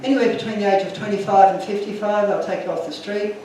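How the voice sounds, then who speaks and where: Man giving a talk, earnest and emotional, high-pitched, recorded from afar in a reverberant room. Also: steady tone, fast, mellow, a little hiss or hum. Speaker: speaker. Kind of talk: illustrated talk to an audience. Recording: echoey room from far off.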